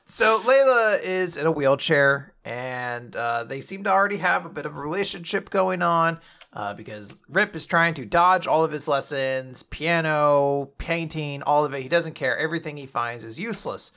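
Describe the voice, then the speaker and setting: A man's voice: fairly high pitch, lively intonation, normal speed, sharp tone. A man casually recapping a manga chapter as a podcast co-host, rambling and laughing often.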